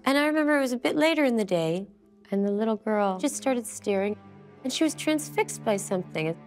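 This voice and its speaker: A woman in a documentary interview, earnestly recounting a ghostly experience in a hushed, suspenseful way. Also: a little high, lively intonation, fairly quick, faint music behind. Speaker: celebrity guest telling a ghost story.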